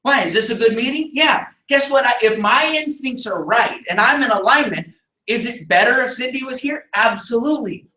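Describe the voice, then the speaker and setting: High-voiced man giving an emphatic pep talk. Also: expressive, moderate pace, sharp tone. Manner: emphatic, rhetorical questions, bursts of raised voice. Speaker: business team leader. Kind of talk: motivational team meeting talk. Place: meeting room with a group. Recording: echoey room, picked up from a distance.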